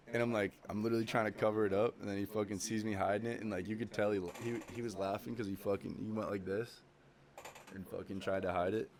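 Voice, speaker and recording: A young adult man guests on a podcast for a casual chat, rambling through stories with lots of swearing and filler words. His voice is on the low side, flat in delivery, and a little fast.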